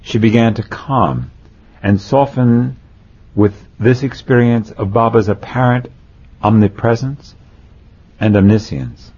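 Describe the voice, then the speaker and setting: A man slowly reading a spiritual memoir aloud, marking quotes as he goes. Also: lowish voice, a little mellow, husky. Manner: slow, deliberate reading, says "quote" and "end quote". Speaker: narrator. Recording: dull lo-fi recording.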